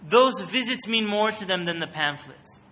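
A man's voice: high voice, lively intonation, normal speed, pushed and bright. A man giving a religious talk into a microphone to a live audience, often putting questions to the listeners and calling on them. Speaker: speaker giving an Islamic talk.

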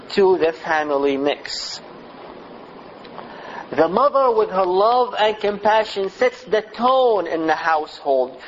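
A male preacher with a high voice speaks slowly and deliberately, stacking phrases into repetitive lists. The recording is muffled and lo-fi, with faint ambient noise behind him. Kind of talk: sermon.

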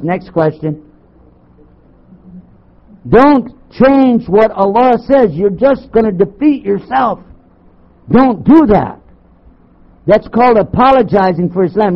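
Older man preaching, high, lo-fi tape. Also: a little slow. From Texas. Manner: sarcastic, animated storytelling with rhetorical questions. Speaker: Muslim chaplain giving a talk. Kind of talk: preaching lecture to an audience. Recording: dull lo-fi tape recording.

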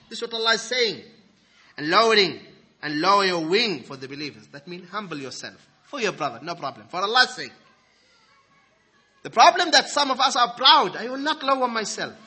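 Lively husky-voiced male preacher. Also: high-pitched. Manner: animated, swings from loud emphasis to soft asides. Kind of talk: sermon.

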